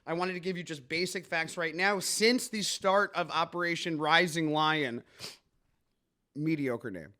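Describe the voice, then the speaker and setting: A man's voice: fairly high pitch, measured pace, pushed and bright. A man hosting a comedic news podcast, rambling and joking with many fillers and restarts. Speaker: podcast host.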